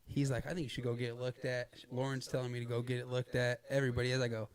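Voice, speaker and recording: Fast-talking man in casual chat. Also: mid-range voice, monotone. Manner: loose, street slang, keeps saying "you know what I mean". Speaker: fighter.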